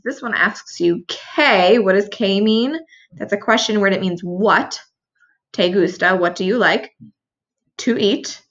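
A woman's voice: medium pitch, a bit bright, highs cut off. A woman teacher patiently walking students through a review lesson, explaining each answer step by step. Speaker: Spanish teacher.

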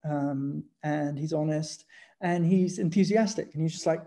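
This photographer from England is a guest in a relaxed chat, spinning lively stories and laughing along the way. He speaks unhurriedly in a slightly high voice with a creaky edge.

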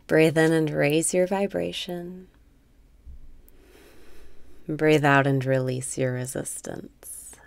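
Woman meditation guide: low gravelly voice, unhurried, breathy cues with candid profane asides. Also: no echo. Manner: slow, breathy guidance mixing calm cues with frank, profane venting. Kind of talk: guided meditation with spoken affirmations.

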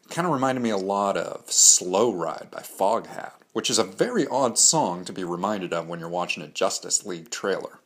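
A man's voice: sits low, lively intonation, normal speed, hardly any pauses, fairly bright tone. Man delivering candid scripted reviews. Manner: candid, opinionated, dryly joking. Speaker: host of a comics analysis show. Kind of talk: scripted pop-culture review monologue.

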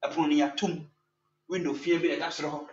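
A man with a Ghanaian accent, a church elder preaching a sermon and telling a story with lively sound effects and English phrases mixed in. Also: a little high, quick pace. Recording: echoey, distant, dull with faint hum.

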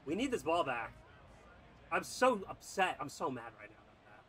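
A young gaming YouTuber commentates his own football video game at a fast pace in a medium-pitched voice. Excitable, he mutters play calls before erupting in frustrated outbursts, with slight background noise in the recording.

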